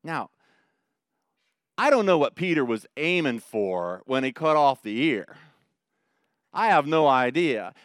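Guy preaching a sermon, smooth clear voice, dry sound, gets dramatic telling the story. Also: medium pitch, takes it slowly, long pauses, no echo. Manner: animated, dramatic retelling with rising emphasis. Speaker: pastor. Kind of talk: expository sermon.

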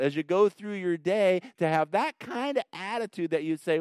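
A middle-aged male pastor giving a conversational sermon, swinging from loud emphatic bursts down to soft, quiet asides. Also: high-pitched, expressive, moderate pace, few pauses, smooth, no room sound, clean studio sound.

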